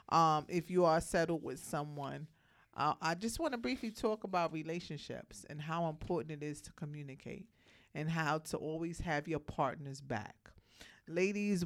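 A young woman co-hosting a radio show, joking and laughing as she chats on the mic. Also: lowish voice. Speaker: radio co-host. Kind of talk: casual radio banter. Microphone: studio microphone.

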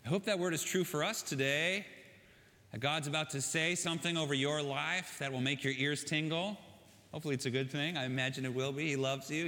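A man's voice: fairly high pitch, sharp tone, in a large hall. A male pastor preaching a sermon in a casual, conversational way, telling stories with joking asides.

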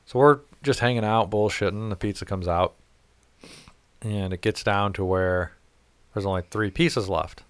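Man, low smooth voice, dry close sound, casual profane storytelling. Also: measured pace, no room sound. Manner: rambling, profane, laughs at his own story.

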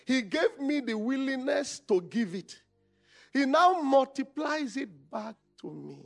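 A man's voice: very high-pitched, very animated, unhurried, gravelly, faint music behind. A Nigerian male pastor preaching a conference sermon, calling out questions for the congregation to answer. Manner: call-and-response, shouting questions.

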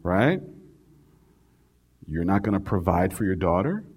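A man's voice: deep voice, sing-song, measured pace, darkish tone, slightly rough. Preacher guy telling his own story, chatty, keeps going "right?" at the crowd. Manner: conversational, keeps asking "right?". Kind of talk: storytelling sermon.

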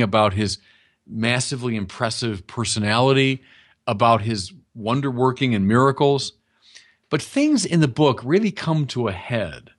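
A man with a mid-range voice preaches a sermon, teaching in a conversational yet emphatic way and often addressing his listeners directly.

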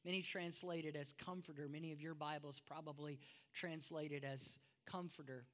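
A man's voice: on the high side, steady tone, moderate pace, fairly bright tone. A man preaching a sermon as pastor, emphatic, with self-deprecating asides, in a church sanctuary. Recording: long reverb of a large hall.

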